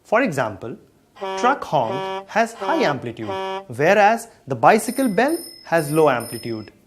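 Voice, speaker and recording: A man's voice: a little high, sing-song, a little slow, a little hiss or hum. A man patiently explaining sound waves in a scripted educational dialogue. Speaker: science explainer.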